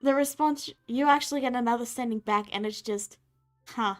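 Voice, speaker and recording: A woman's voice: a little high, brisk, faint music behind. A woman running a tabletop game as game master, describing scenes and relaying replies.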